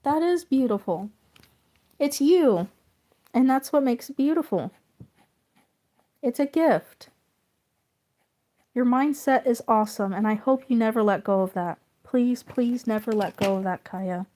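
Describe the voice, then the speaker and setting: A woman talks casually with her audience as she draws, her voice pitched slightly above the usual. She speaks in a gentle, affirming way, offering steady encouragement and kind words. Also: measured pace, long pauses. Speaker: streamer drawing while chatting with viewers. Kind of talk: casual chat.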